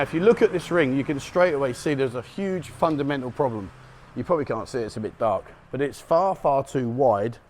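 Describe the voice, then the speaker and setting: Strolling a city street at dawn with a handheld camera, a middle-aged man vlogs in a walk-and-talk style, chatty and joking and laughing at his own lines. He speaks in a mid-range voice with a darkish tone.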